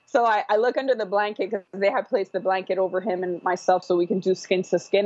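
A woman's voice: medium pitch, moderate pace, no room sound. Woman, podcast guest, casual rambling storyteller, dry and dull-sounding recording. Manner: rambling, with frequent fillers and restarts. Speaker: guest telling her birth story.

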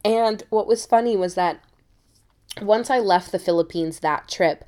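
American woman telling a travel story. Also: medium pitch. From United States. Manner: animated, quick restarts. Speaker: podcast host. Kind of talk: casual storytelling.

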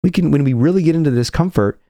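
A man's voice: on the high side, very fast, mellow, no room sound. A man giving an earnest motivational talk as a confidence coach, often acting out people's inner voices.

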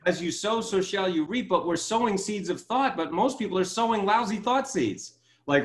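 A man's voice: expressive, fairly quick, roomy sound. A man as an interview guest, telling stories with enthusiasm and acting out quoted lines. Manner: enthusiastic, acts out quotes with rising pitch. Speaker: guest author and keynote speaker. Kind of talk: animated storytelling interview.

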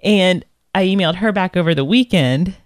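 A woman's voice: lowish voice, normal speed, no echo. Kentucky woman podcast co-host, rambling self-deprecating chat, a touch unwell, dry close mic. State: not fully well. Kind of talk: casual chat.

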